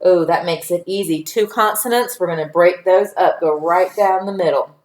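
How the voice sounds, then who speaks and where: A woman teaching a phonics lesson to young children, patient and sounding out word parts slowly. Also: on the low side, a little mellow. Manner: slow, patient, stretching out sounds. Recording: echoey room.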